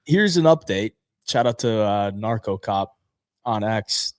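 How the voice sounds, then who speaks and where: A man's voice: fairly low pitch, lively intonation, a little slow, no echo. Laid-back man, dry close sound. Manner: laid-back, reads promo plugs. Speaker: podcast co-host. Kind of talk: casual fight-picks chat.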